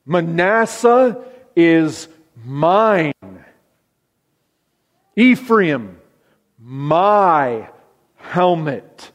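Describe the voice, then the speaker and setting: A man preaching a sermon, emphatic and deliberate, dropping his voice low to stress key words. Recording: long reverb of a large hall.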